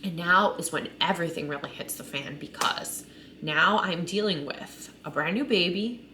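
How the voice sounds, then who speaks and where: A woman in her thirties speaks openly and emotionally in a casual vlog, her voice sitting on the low side. Her talk is loose and conversational, full of "like" and "right?". A faint ambient hum sits under the voice. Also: normal speed. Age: 30s. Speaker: mother sharing her story. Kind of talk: personal vlog monologue.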